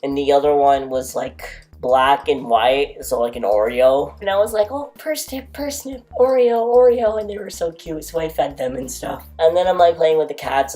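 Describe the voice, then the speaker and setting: A man casually telling a rambling story, packed with "like" fillers, jumping into high squeaky voices to quote people and animals. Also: darkish tone. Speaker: storytime vlogger.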